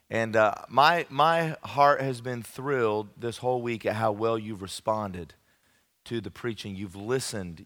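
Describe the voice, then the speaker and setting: A man preaching at a youth camp, telling a funny story from his childhood with lively, folksy emphasis. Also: lowish voice. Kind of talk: evangelistic sermon with humorous storytelling. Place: large camp meeting room. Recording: long hall reverb.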